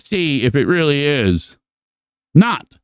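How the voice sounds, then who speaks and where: A man hosting a podcast in casual chat, rambling and profane, with animated storytelling. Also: on the high side, slow pace, clean tone, dry recording. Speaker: podcast host.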